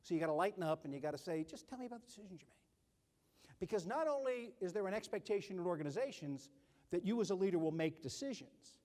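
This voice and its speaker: A middle-aged man and army officer giving a keynote leadership speech, telling stories in an animated way and acting out other people's voices. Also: sits high. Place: large conference hall. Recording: long hall reverb.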